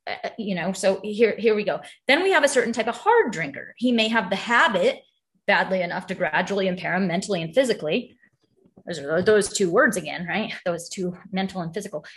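A woman speaking casually at a recovery group, explaining a passage and telling stories with lots of asides and laughter. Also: medium pitch. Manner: chatty storytelling, laughs often, many asides.

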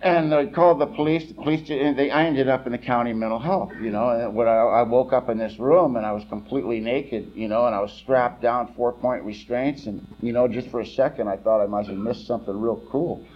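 A man's voice: medium pitch, brisk, few pauses, muffled recording. A man from California giving candid, wry personal testimony at a recovery meeting, rambling with many fillers.

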